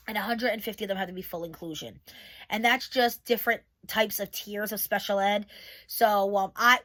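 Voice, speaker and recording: A woman's voice: mid-range voice, a bit bright. Candid rambling woman vlogger. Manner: candid, rambling, talks to viewers directly. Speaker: vlogger and special education teacher. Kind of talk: casual channel update chat.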